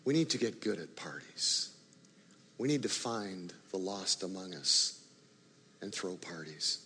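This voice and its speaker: A man's voice: deep voice, lively intonation, a little slow, sharp tone, slight background noise. Man preaching a story in a reverberant hall. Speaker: pastor. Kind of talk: sermon storytelling. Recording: long reverb of a large hall.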